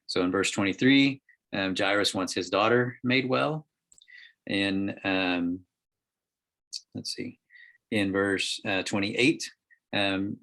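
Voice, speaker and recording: A man with a very deep voice leads a Bible study over a group call. He talks through the passage in a halting, unpolished way, often pausing on ums and starting phrases again. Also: fairly bright tone. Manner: halting, many ums and restarts, reads scripture aloud. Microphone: call microphone.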